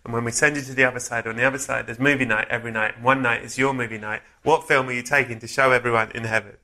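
A man hosting a podcast interview, playfully spinning a long, dark comic story for his guest. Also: medium pitch, steady tone, quick pace. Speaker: podcast host. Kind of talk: casual interview chat.

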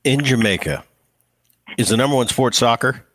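A man's voice: mid-range voice, normal speed, a bit bright, no room sound. A man from New Jersey hosting a casual podcast interview, chatty and eager with his questions. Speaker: podcast host.

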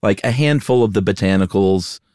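Deep-voiced laid-back man. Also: a little fast, no echo, studio quality. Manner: relaxed, laughs easily, sings goofy jingles. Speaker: podcast co-host. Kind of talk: casual chat.

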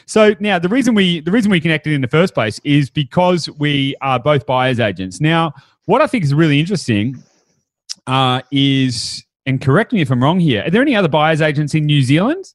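A man's voice: a little high, expressive, fairly quick, dry recording. A man hosting a podcast, chatting upbeat with fillers and restarts. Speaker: podcast host. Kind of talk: casual podcast chat.

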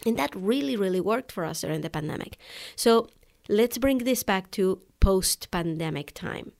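A woman's voice: mid-range voice, lively intonation, normal speed, vocal fry, a little mellow. A woman podcast host talking to her listeners in a casual, conversational way, often adding "right?" and "you know" as she recounts a personal story. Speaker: podcast host for online coaches.

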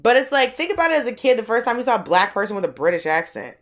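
Lively woman telling stories. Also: fairly high pitch, racing. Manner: animated storyteller, acts out voices. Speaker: co-host. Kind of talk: casual comedic chat.

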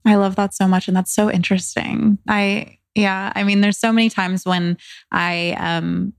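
Chatty woman podcast host, flat tone. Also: mid-range voice, moderate pace, creaky, dry recording. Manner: chatty, many fillers like "like". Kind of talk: casual podcast conversation.

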